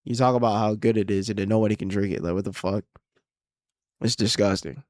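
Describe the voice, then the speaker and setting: A man's voice: lowish voice, fairly even intonation, fairly quick, a little mellow, no room sound, clean studio sound. A young man hosting his own podcast, ranting casually and profanely, rambling and exasperated. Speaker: podcast host and comedian. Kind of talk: casual solo podcast rant.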